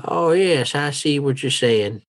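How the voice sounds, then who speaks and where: Man playing a rambling old huckster, higher voice, animated, folksy hems and haws. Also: unhurried. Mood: smug. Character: shifty old male con-man merchant.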